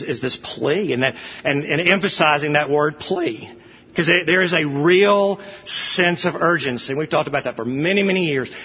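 A middle-aged man preaches with earnest conviction, building to emphatic peaks. His voice has a slightly husky edge. The sound is dull and carries the long echo of a church hall. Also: medium pitch. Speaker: pastor. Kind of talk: sermon.

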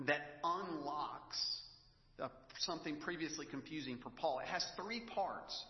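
Pastor preaching in an echoey hall. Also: male voice, fairly high pitch, normal speed. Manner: conversational, storytelling, emotional at times. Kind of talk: sermon. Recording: echoey hall, dull lo-fi sound.

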